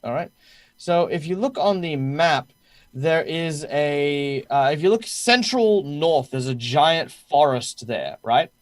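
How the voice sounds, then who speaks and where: A man's voice: a little high, animated, slow, dry recording. A man narrating as game master of a tabletop game, talking in a hesitant way with many fillers.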